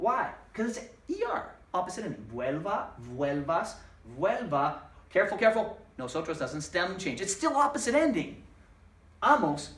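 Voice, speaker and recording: A man's voice: fairly high pitch, a bit bright. A man teaching a recorded Spanish lesson in a chatty way, spelling words out letter by letter and answering his own questions. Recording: echoey room, voice a bit far from mic.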